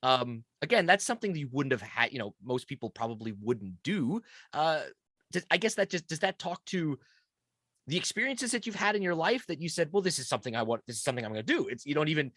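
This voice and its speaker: A man hosting an interview podcast, with a somewhat high-pitched voice for a man. He asks long, winding questions and often stumbles into restarts. The recording is dry, with no room echo. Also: lively intonation, fast talker, fairly bright tone. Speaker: podcast host. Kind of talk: casual interview conversation.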